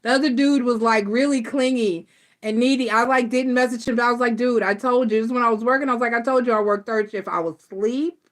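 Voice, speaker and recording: A middle-aged woman hosting a live tarot stream, chatting casually and telling stories in a blunt, animated way. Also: a little high, fast talker. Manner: animated storytelling, blunt and laughing. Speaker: tarot reader host.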